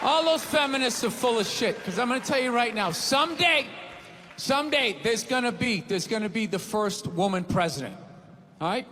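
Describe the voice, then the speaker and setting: A man doing a profane, shouting stand-up comedy rant at a live show. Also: extremely high pitch, lively intonation, moderate pace, crowd noise. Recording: live show with audience noise.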